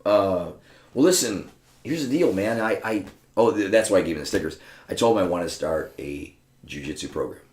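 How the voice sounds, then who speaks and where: A low-voiced man spins casual stories as a podcast guest, cursing freely and acting out the people in them. His voice rings around an echoey room. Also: fairly quick. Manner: profane, animated, acts out other people's lines. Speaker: podcast guest, martial arts school owner. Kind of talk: casual anecdotal storytelling. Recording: roomy echo.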